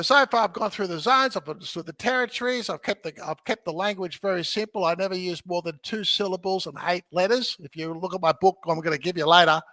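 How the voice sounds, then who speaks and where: A man talking as a podcast guest who teaches real estate, energetic and jokey, often checking in with "okay?" as he explains. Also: sits high, dry recording. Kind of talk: animated teaching in conversation.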